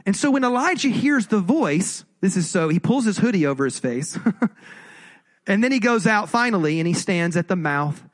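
A pastor giving an animated, jokey, conversational sermon. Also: male voice, high voice, normal speed.

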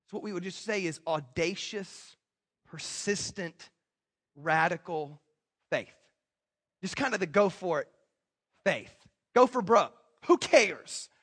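A man delivers a sermon in a strikingly high voice. He preaches emphatically and with animation, breaking off for quick asides to the congregation. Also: lively intonation, fairly bright tone, breathy edge. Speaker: pastor.

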